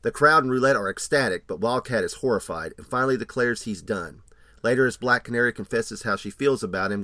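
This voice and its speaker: A male podcast co-host with a middle-pitched voice, recorded close and dry with no room sound. He mixes easy laughing banter with read-out episode summaries. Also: fairly bright tone, dry recording. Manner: laughs often, reads credits and plot summary. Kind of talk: casual chat and scripted episode recap.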